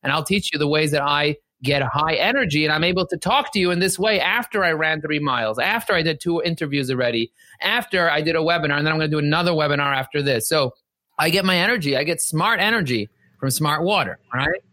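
A man coaches on a podcast in a bright, somewhat high voice. He hammers each point with emphatic repetition, preaching motivation. The sound is close and dry. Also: animated, fast talker, no echo. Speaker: podcast host and sales coach. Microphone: podcast microphone.

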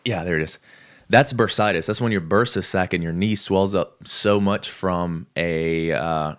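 A man's voice: low voice, measured pace. A man, a podcast guest, telling a story in casual talk and acting out the people he quotes. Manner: lively, acts out the people he quotes.

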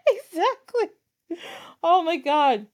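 This woman's voice is very high-pitched and slow, captured in a dry, clean studio recording. As a podcast host, she retells a fairytale in a casual, animated way, laughing a lot and acting out what the characters say.

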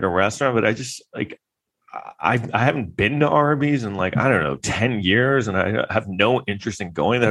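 A man talking in a rambling, wry casual monologue, full of fillers and restarts. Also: mid-range voice.

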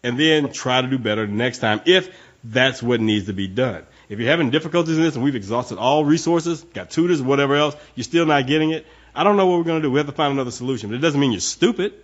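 A man's voice: medium pitch, fast talker. A man talking emphatically and swearing casually as a guest on a podcast, speaking as a parent. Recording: dull lo-fi audio.

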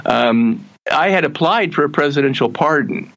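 A man, a guest in an interview, telling his life story earnestly and haltingly, with frequent restarts and slowing down to stress his message. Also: on the high side, expressive, gravelly, fairly bright tone, rough recording.

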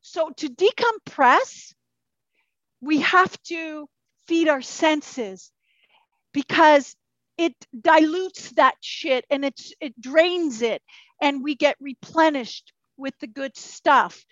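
Animated high-voiced woman guest swearing freely. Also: slow pace, dry recording, muffled recording. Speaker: podcast guest, empath. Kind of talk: casual interview chat.

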